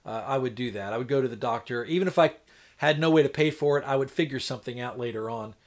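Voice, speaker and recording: A man's voice: medium pitch, fast. A man chatting casually on a live stream, rambling in a folksy way and acting out what the doctors said. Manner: folksy, rambling, acts out doctors in quoted voices. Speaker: homestead livestreamer.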